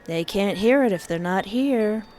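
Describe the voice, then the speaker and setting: A woman plays a cheeky teenage boy in a game, mocking others in a dry, unhurried voice. She stays close to her own mid-pitched tone. Faint music sits behind. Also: animated, a little mellow, lightly acted.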